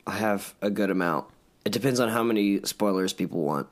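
A man's voice: fairly low pitch, brisk. A man co-hosting a podcast, answering in a laid-back way with brief replies. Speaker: podcast co-host. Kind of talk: casual chat.

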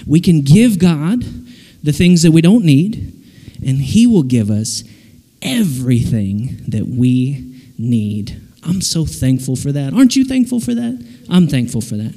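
A man with a high, mellow voice that swoops up and down as he gives a playful sermon for children. A long echo hangs behind him, as in a large dining hall. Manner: playful and animated, with jokes and sound effects. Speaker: children's speaker.

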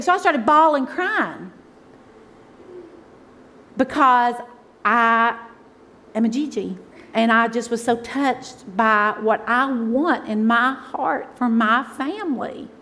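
A woman, a pastor's wife preaching a conversational, emotional sermon that swings from loud exclaims to soft asides. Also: fairly high pitch.

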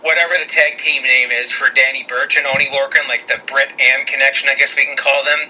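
A man co-hosting a casual wrestling podcast, chatty and excitable with quick asides. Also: medium pitch, a little hiss or hum, low-quality recording. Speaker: podcast co-host.

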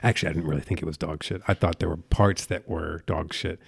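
A man in his thirties co-hosting a casual chat, profane and animated as he tells stories. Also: low voice, quick pace, vocal fry, slightly rough.

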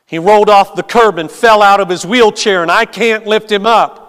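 A man's voice: sits high, fairly even intonation, moderate pace, fairly bright tone, clean tone, voice pushed up. A desperate young boy, as a preacher tells it, pleading and apologetic, his voice lifted a little above the teller's. A long hall reverb trails every word.

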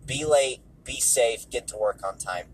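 A man talks over movies in a relaxed, conversational way from behind the wheel of a car. His voice sits at an ordinary middle pitch, and he hammers his points home by saying them again. Faint vehicle noise hums underneath. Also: a little slow, poor audio. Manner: conversational, repeats points for emphasis. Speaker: movie reviewer. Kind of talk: casual spoken commentary while driving. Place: car on the road.

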